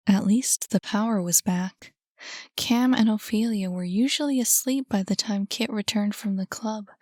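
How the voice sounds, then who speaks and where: A woman narrating an audiobook in a measured, calm way. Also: medium pitch, no room sound, studio quality. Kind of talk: scripted narration.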